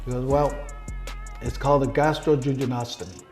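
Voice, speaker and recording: A man's voice: mid-range voice, fairly even intonation, fairly quick, soft background music. A middle-aged man telling his story in a casual interview, blunt and heavy on swearing, acting out the people he quotes. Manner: profane, blunt storyteller who acts out quoted dialogue.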